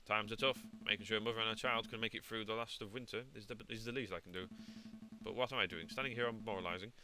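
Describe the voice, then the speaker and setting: A man voicing an earnest, gentlemanly lawyer detective who speaks in a solemn, measured way. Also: lowish voice, steady tone, music in the background, lightly acted.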